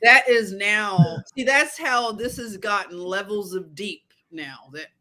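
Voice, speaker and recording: A woman co-hosting a casual chat, telling animated stories and laughing often. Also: medium pitch, takes it slowly. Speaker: podcast co-host.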